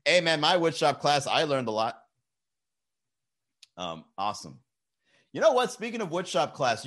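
A man's voice: on the high side, a bit bright. A young man chatting casually on a live stream, telling loose, profane stories and laughing often.

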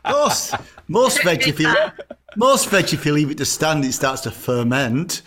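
A man talks in a blunt, jokey way, swearing casually as he chats on a podcast. His voice sits a little high for a man. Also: very animated, a little slow, a bit bright. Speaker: podcast co-host, chef. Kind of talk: casual chat.

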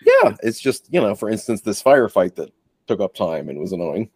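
A man with a lowish voice that swings widely and expressively talks through a film with a co-host, joking and putting on little voices for the characters. The sound is dry and close, with no room around it. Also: fairly quick, husky, no room sound. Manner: animated, joking, acts out lines in silly voices. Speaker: podcast co-host. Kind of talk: casual movie review chat.

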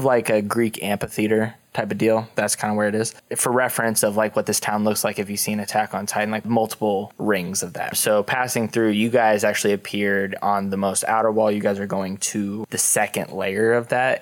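A man narrating a tabletop game as game master, casual and descriptive. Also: lowish voice.

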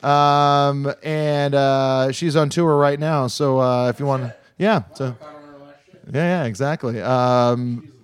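A man hosting a radio show, chatting casually in a rambling, halting way full of fillers. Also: mid-range voice, fairly even intonation, clean tone. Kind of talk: casual chat.

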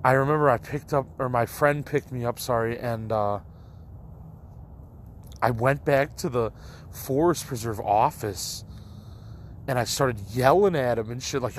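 A man's voice: mid-range voice, a little slow, long pauses, slight background noise. A young man telling a personal story in a casual, rambling way, full of likes and restarts. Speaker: storyteller addressing listeners.

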